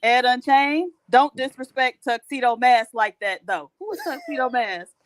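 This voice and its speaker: A woman's voice: high-pitched, lively intonation, normal speed, no echo. Playful woman reading live chat, dry sound. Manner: playful, teasing. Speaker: co-host reading super chats.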